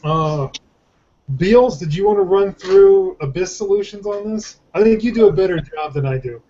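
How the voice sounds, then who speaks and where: A man hosting a casual podcast, his voice mellow and a touch higher than most. He jokes and rambles, often restarting his sentences. The recording sounds dull and lo-fi. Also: normal speed. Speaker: podcast host. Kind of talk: casual chat.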